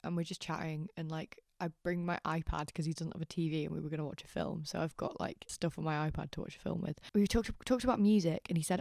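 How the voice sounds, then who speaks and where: A woman's voice: low-pitched, steady tone, fast talker, creaky, few pauses, a little mellow, no echo, clean studio sound. A young woman hosting a podcast, telling a story in a candid, rambling, self-deprecating way. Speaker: podcast host. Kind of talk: casual storytelling chat.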